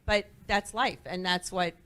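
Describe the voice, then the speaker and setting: A middle-aged woman, a guest entrepreneur on a talk show, telling lively stories and acting out the voices of people she quotes. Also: medium pitch, unhurried. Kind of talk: animated storytelling on a talk show.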